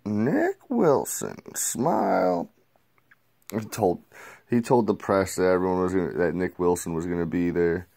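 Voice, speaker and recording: A man's voice: low-pitched, lively intonation, measured pace, creaky, mellow. A man reviewing a movie in a casual, crude play-by-play recap. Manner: loose, crude, retells scenes in a play-by-play.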